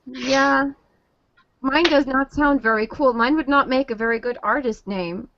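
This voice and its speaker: A woman's voice: high voice, unhurried, a bit bright, a little hiss or hum. A woman co-hosting a podcast, chatty and giggly as she asks the guest questions. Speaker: podcast co-host. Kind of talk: casual interview chat. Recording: dull lo-fi podcast audio.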